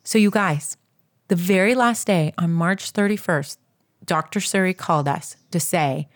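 Animated woman telling a personal story. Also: lowish voice, a little slow. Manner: animated, addresses listeners as "you guys"; fills gaps with "da, da, da". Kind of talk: casual storytelling.

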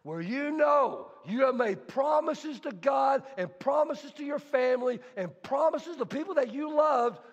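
A male pastor preaching a sermon with emphatic delivery that swings between soft talk and shouting, and he poses questions to the congregation. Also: extremely high pitch, animated, measured pace, hardly any pauses, dull audio. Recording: long hall reverb.

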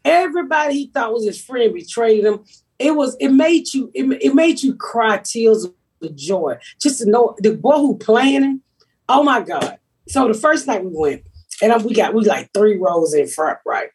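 A woman's voice: on the high side, normal speed. A middle-aged woman, telling a brash, profane story on a casual podcast. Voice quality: very rough, raspy voice. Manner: brash, profane storytelling with big animated quotes. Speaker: comedian and podcast host. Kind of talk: casual chat.

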